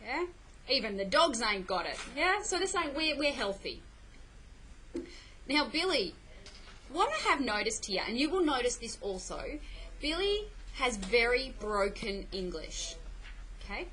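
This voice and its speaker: A woman's voice: sits high, big pitch swings, unhurried, pauses often, fairly bright tone, slight background noise, low-quality recording. A middle-aged woman teaching a play in a classroom, explaining patiently and often checking "okay?" with her students. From Australia. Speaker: English teacher.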